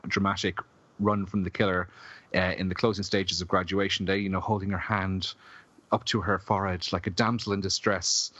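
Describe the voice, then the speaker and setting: Male podcast co-host, very low voice, loose jokey delivery, dull dry lo-fi recording. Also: fairly bright tone, dry recording. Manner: rambling, filler-heavy, jokey. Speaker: podcast co-host, film reviewer. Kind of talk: casual chat.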